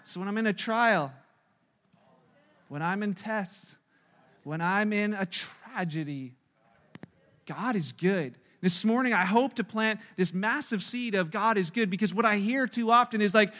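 High-voiced male pastor in a reverberant hall. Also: slow pace, long pauses. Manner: animated, acts out quoted voices, swings loud and soft. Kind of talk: sermon.

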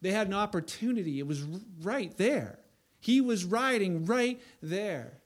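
A man preaching a sermon in a conversational way, building to loud emphatic bursts at times. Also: high voice, very animated, a little slow. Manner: conversational preaching, voice rising to near shouts for emphasis. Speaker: pastor.

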